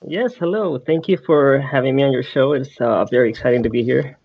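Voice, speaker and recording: A man's voice: medium pitch, a little fast, husky, no room sound. A man from Australia, a guest on a podcast, talking casually in an easygoing, slightly shy way. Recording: slightly dull lo-fi call audio.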